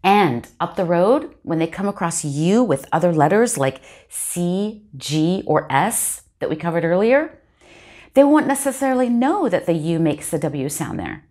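A woman teaching phonics in a video lesson, spelling out and sounding letter sounds slowly and deliberately. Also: fairly low pitch, very animated, warm tone.

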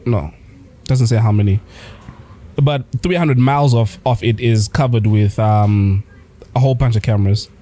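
A man's voice: lowish voice, moderate pace, warm tone. A young man from Zambia co-hosting a podcast, bantering and teasing his co-host in casual chat.

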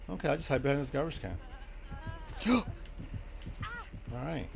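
A man streaming a live game, joking with chat and breaking into loud excited shouts. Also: fairly high pitch, measured pace, vocal fry, long pauses. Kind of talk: live gameplay commentary.

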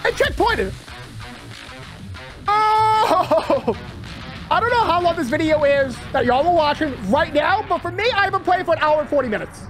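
A man giving live gameplay commentary, excitable, talking to himself and yelping when things go wrong. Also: very high-pitched, fast talker, hardly any pauses, over music. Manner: excitable, talks to himself, yelps when panicked. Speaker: gaming channel host.

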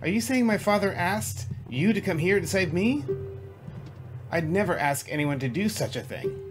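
A man's voice: high voice, lively intonation, moderate pace, pitched above the performer's own voice. A man voicing a haughty, bossy young fish princess from a video game, reading her lines with indignant emphasis. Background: game music.

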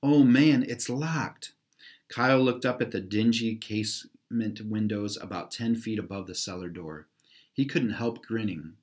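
A man's voice: on the low side, steady tone, moderate pace. A man reading a children's novel aloud, narrating plainly and adding casual asides. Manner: casual asides between passages. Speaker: audiobook reader.

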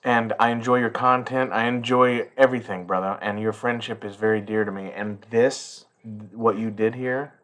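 A man's voice: fairly low pitch, fairly even intonation, moderate pace, few pauses, fairly bright tone. A middle-aged man chatting casually and profanely as he unboxes a toy collector's gift, rambling and heartfelt.

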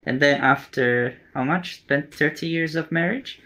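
A man in a casual chat, speaking hesitantly and haltingly, with many fillers. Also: a little high, pushed and bright.

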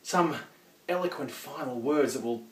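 A man's voice: medium pitch, normal speed, natural voice. A man playing a vain, dying time-traveling alien who delivers a melodramatic farewell in a fan comedy sketch. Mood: grandly dramatic. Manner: melodramatic, self-important dying speech. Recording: echoey room, far from the mic.

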